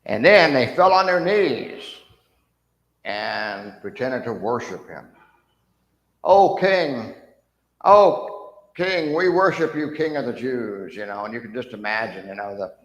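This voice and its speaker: A man leading a church Bible class, questioning the class and acting out the lines of the people in the story he teaches. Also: lowish voice. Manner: animated, acts out mocking soldiers' voices, asks the class questions. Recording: echoey room with long reverb.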